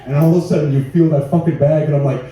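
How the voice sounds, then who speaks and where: A man's voice: fairly high pitch, fairly even intonation, rapid-fire, dark tone. A man doing stand-up, telling loose, profane stories and laughing through his bits in front of a small live audience. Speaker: stand-up comedian. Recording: echoey room, mic heard from a distance, faint noise.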